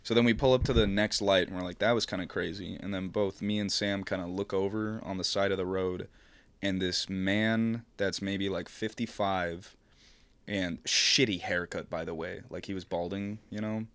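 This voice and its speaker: A young man with a very low, deep voice tells a rambling story on a casual podcast. He swears freely, strings thoughts together with "like", and trails off mid-sentence before picking the thread back up. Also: steady tone, normal speed, a bit bright, smooth, dry recording. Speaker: podcast co-host telling a story.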